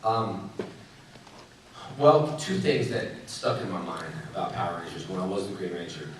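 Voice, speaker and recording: A man's voice: sits low, sing-song, moderate pace. A man in his thirties telling stories at a convention Q&A, laughing often and slipping into playful quoted voices. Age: 30s. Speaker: convention panel guest. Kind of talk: animated con Q&A storytelling. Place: large convention hall. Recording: echoey hall, heard from a distance, crowd noise.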